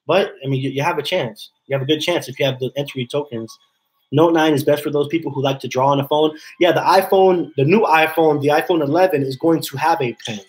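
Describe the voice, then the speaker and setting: A man's voice: a little high, a little fast, poor audio. A man hosting a casual live stream from his home office, rambling and repeating himself as he reads chat messages aloud. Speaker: livestream host.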